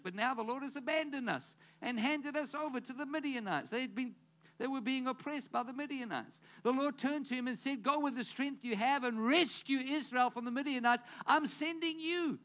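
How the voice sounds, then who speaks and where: A man preaching a sermon, retelling scripture with animated storytelling and acted-out dialogue. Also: extremely high pitch. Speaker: pastor.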